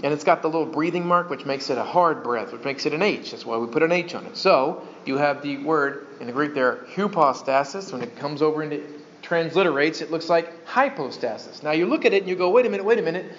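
A man teaching a sermon to a congregation, folksy and animated, with joking asides. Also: on the high side, brisk, a little hiss or hum. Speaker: pastor. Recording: dull lo-fi sound.

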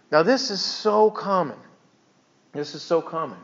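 Man, pastor, casual sermon, jokey, stumbling restarts, slightly high voice, dull lo-fi sound. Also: sing-song, unhurried. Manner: chatty, joking, stumbling restarts. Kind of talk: conversational sermon. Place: church.

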